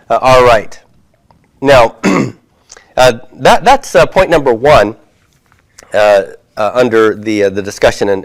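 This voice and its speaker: Slow, deliberate male Hebrew teacher. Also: mid-range voice. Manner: slow, deliberate explanation with frequent fillers and check-ins; writes on a board while he talks. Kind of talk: recorded classroom lecture.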